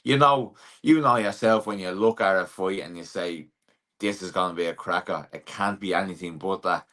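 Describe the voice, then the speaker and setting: A young Irish man with a very low, deep voice, a boxer answering interview questions. He talks in a relaxed, plain-spoken way, leaning on fillers like "like" and "sort of". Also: moderate pace. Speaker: professional boxer. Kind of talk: casual interview.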